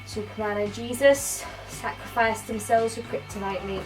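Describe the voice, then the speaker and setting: A woman's voice: mid-range voice, steady tone, moderate pace, music in the background, rough recording. A woman doing a rambling, slangy comic film review.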